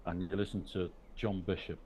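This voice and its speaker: A man's voice: low-pitched, little pitch movement, brisk, dark tone, slight background noise. A man with a Scouse accent, a caller on a video call, chatting and teasing in a joking way. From Runcorn, England. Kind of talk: casual chat.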